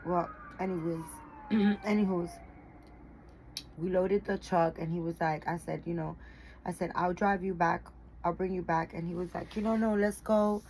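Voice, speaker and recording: Brief: woman vlogger, low-pitched, worn out and yawning, rambling chatty delivery, faint room ambience. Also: fairly even intonation, a little slow, a little mellow, slight background noise, rough recording. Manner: rambling, chatty, tired, with frequent fillers and swearing. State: tired and yawning. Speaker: doll collector vlogger. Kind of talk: casual chat to camera.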